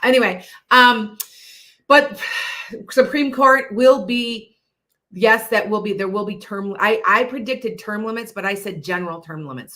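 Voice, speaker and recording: A woman's voice: medium pitch, pushed and bright. A middle-aged woman chatting casually on a livestream as a psychic host, rambling and restarting her thoughts. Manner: rambling, jumps between thoughts, many restarts. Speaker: psychic host answering viewers.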